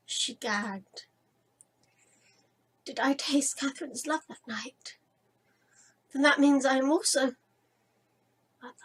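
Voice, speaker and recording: Husky woman reading a game aloud. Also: a little high, low-quality recording. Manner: dramatic read-aloud of narration and journal entries. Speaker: let's play gamer. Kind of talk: reading a visual novel aloud with casual asides.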